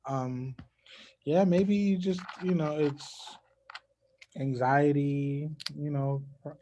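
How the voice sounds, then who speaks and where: A man's voice: a little high, fairly even intonation, slow, dark tone, slight background noise. A young man in casual conversation, talking in an easygoing, laid-back way about his own experiences.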